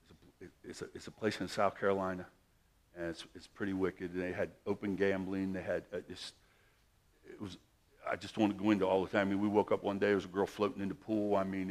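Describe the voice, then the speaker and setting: Emphatic preacher man. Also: deep voice. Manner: emphatic, repetitive, swings between loud and hushed. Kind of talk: sermon.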